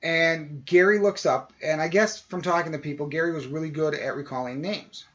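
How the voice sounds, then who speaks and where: A podcast co-host with a slightly high voice, speaking at normal speed, tells a long, casual anecdote and animatedly acts out the voices of the people he quotes. The audio is dull and lo-fi.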